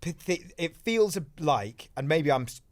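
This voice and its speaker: A man's voice: fairly high pitch, animated, measured pace. A man guesting on a podcast, chatting in a rambling, self-deprecating way with lots of restarts. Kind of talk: casual chat.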